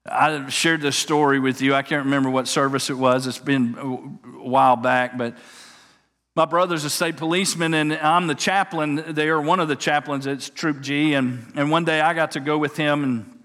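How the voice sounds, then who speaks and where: A man preaching a sermon, animated and folksy, repeating words as he tells a story. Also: fairly high pitch, normal speed. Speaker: pastor. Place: church sanctuary. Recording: long hall reverb.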